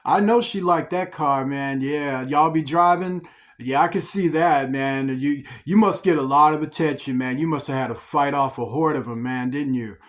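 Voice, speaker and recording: A man voicing a sly, flattering man who covets his neighbor's things and keeps calling him "man.". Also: on the high side, moderate pace, natural voice. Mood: fawning. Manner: fawning, repeats "man" constantly.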